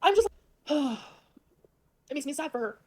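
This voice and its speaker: A woman's voice: high voice, animated, unhurried, mellow. A woman on a livestream, rambling to her viewers in a flustered way and swearing a lot.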